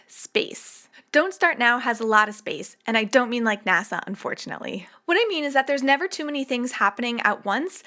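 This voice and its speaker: A woman hosting a songwriting tutorial, explaining in an upbeat, clear way to the viewer. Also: fairly high pitch, sharp tone. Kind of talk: scripted music tutorial.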